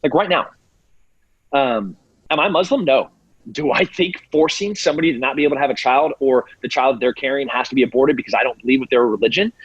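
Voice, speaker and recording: A man's voice: medium pitch, brisk, breathy edge, no echo, dull audio. A middle-aged American man speaking as an interview guest with passion, acting out other people's voices in mocking tones. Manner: animated, acts out quoted voices mockingly. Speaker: podcast guest. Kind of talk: impassioned interview talk.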